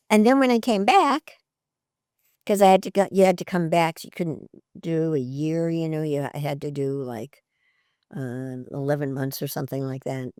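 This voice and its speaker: An older woman with a slightly low voice recounts stories from her career in a relaxed interview. She talks casually and animatedly, laughing between lines and lifting her voice for quotes. The sound is dry and close, with no room around her. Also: dry recording. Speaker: actress interviewee. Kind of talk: conversational storytelling interview.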